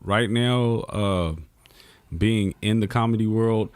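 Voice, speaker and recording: A man who is a comedian, chatting casually on a podcast and telling animated, slangy stories with plenty of swearing. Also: fairly low pitch, takes it slowly, smooth, no room sound. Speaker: comedian guest.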